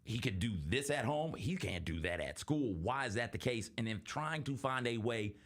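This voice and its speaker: A man's voice: medium pitch, lively intonation, moderate pace. A young adult man hosting a casual sports talk show, telling stories in an earnest way and acting out the people he quotes. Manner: earnest, storytelling, acts out quoted voices. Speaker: podcast host.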